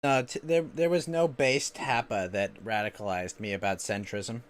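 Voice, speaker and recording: A woman's voice: extremely low pitch, steady tone, normal speed. A woman co-hosting a live stream, talking politics in casual banter, ranting animatedly and swearing freely. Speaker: stream co-host.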